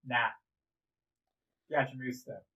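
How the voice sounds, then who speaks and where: Male tabletop player, deadpan, offhand, husky voice. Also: mid-range voice, takes it slowly, rough recording. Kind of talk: casual tabletop role-play.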